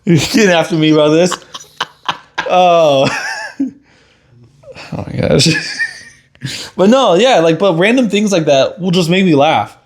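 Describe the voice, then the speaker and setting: A man's voice: sits high, wildly swooping pitch, unhurried, long pauses. A young man co-hosting a podcast, chatting casually in a laid-back, teasing way and laughing easily. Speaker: podcast co-host. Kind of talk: casual chat.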